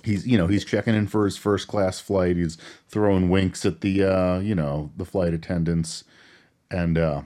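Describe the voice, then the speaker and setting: A man co-hosting a casual movie podcast, rambling through the plot with laughs and quick character impressions. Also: low voice, steady tone, dark tone. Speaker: podcast co-host. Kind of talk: casual movie recap chat.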